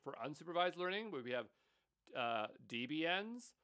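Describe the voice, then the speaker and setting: A man's voice: fairly high pitch, sing-song, normal speed, bright, forceful tone. A man teaching an online course, explaining slides casually and thinking aloud with fillers and asides. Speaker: course instructor. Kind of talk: casual lecture over slides.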